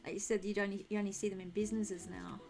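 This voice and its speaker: A woman's voice: mid-range voice, little pitch movement, quick pace, vocal fry, darkish tone, faint music behind. A young woman streaming a game, chatting casually and thinking aloud while she answers her chat.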